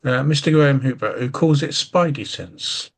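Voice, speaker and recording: A man co-hosting a podcast, making quick wisecracks and stammering through restarts. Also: mid-range voice. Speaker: podcast co-host. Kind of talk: casual banter.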